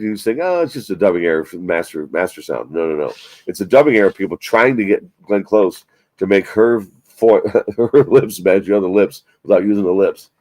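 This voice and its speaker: A man's voice: low voice, darkish tone, dry recording. A man hosting a casual live stream, rambling and swearing as he chats about movies. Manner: rambling, profane, self-mocking. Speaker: livestream host.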